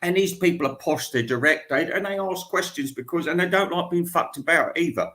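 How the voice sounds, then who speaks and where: Rambling crude radio DJ. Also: male voice, on the high side, brisk, bright, forceful tone. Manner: rambling, crude, constantly restarting and trailing off. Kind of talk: rambling comic radio monologue.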